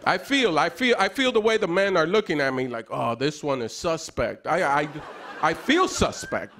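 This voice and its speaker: A man in his thirties doing self-deprecating stand-up comedy on a TV stage, with a wry, joking manner and bursts of excited yelling. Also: sits high, normal speed. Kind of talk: stand-up set on late-night TV. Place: TV studio stage before a live audience. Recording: broadcast studio with loud crowd noise. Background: audience laughter and applause.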